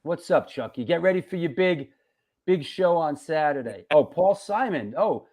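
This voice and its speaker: A man from New York hosts a live stream, reading viewer comments aloud and tossing out profane jokes. His voice sits high and swings widely in pitch as he greets people. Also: normal speed. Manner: animated, profane, joking shout-outs. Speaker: host of a live show.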